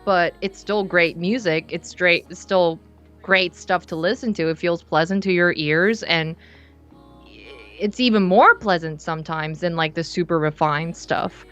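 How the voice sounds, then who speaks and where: A young woman from South Korea, chatting casually in an interview, relaxed and rambling with many fillers and restarts. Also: lowish voice, a little slow, faint music behind. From Seoul, South Korea. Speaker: musician guest. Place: her bedroom studio.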